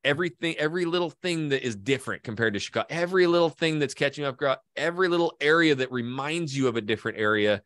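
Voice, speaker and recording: A man's voice: fairly high pitch, lively intonation, fast, few pauses, fairly bright tone, no echo. A man from Idaho, a guest in a casual interview, telling long stories and swearing casually. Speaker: guest, real estate agent and video creator.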